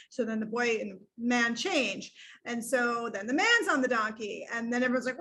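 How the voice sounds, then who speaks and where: A woman with a notably high voice chats as a podcast guest. She tells stories with animation and laughs often. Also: normal speed, sharp tone. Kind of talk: casual chat between friends.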